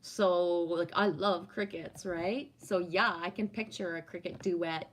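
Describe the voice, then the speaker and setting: Her voice sits fairly low, yet she sounds animated, speaking a little slowly with hardly any pauses. As host of a livestream, she reads comments aloud, answers the chat casually, and offers warm, affirming spiritual musings peppered with "right?"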